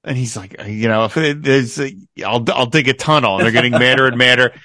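A man's voice: mid-range voice, fast, dry recording, studio quality. A man hosting a casual podcast, enthusiastically recapping a TV episode and acting out lines of dialogue. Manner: enthusiastic, quotes dialogue in animated bursts. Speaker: podcast host.

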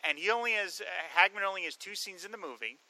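A man with a very bright, fairly high voice, chatting casually about a movie. He retells scenes with energy and slips into the characters' lines as he goes. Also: quick pace, poor audio. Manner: animated storyteller, acts out quoted lines. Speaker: podcast co-host. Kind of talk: casual film discussion.

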